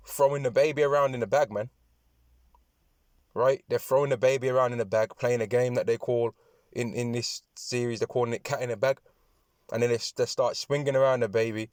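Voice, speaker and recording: A man preaching and reading scripture aloud, talking in repetitive, halting phrases with many restarts, often tagging lines with "man" and "right". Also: mid-range voice, darkish tone, no room sound, studio quality. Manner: addresses listeners with "man" and "right". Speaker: religious speaker.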